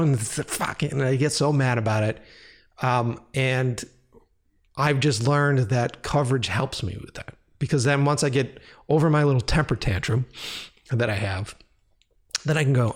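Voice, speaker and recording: A man talking casually and animatedly about video editing, swearing freely and acting out his own excited reactions. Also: medium pitch, moderate pace. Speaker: video editor and director. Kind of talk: casual rambling monologue.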